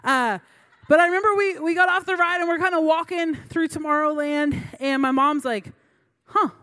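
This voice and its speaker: A woman's voice: high-pitched, normal speed, pushed and bright. A young adult woman giving a sermon through a funny personal story, chatty and self-mocking, laughing between lines. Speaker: preacher.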